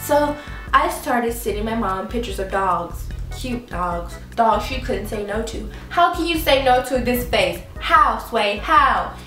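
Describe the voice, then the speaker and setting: A young woman vlogger telling a story in an animated, dramatic way, acting out her mother's lines and laughing often. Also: a little high, a little slow. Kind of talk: casual storytelling vlog. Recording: echoey room, mic at a distance, faint music.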